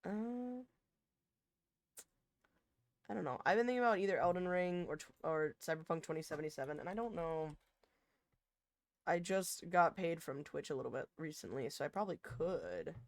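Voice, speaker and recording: Her voice sits lowish as this young woman streams, chatting casually, rambling, breaking off mid-thought, and occasionally erupting in loud laughter. The sound is dry, with no room tone.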